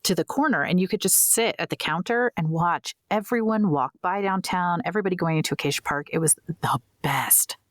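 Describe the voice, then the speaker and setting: An American woman co-hosting a podcast, relaxed and chatty. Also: on the low side, fairly quick, few pauses, no room sound, clean studio sound. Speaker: podcast co-host. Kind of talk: casual chat.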